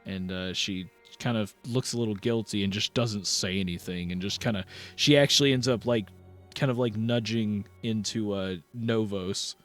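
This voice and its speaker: A man's voice: fairly low pitch, moderate pace, a bit bright, faint music behind. A young man narrating as game master of a tabletop game, rambling with lots of fillers and restarts.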